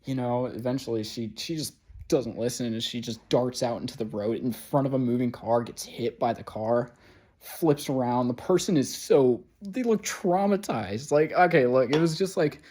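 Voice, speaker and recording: Warm in tone and mid-range, this man talks at a normal speed. He's a vlogger recounting something from his own life, wandering off track, swearing plenty, and leaning hard on fillers like "like" and "you know."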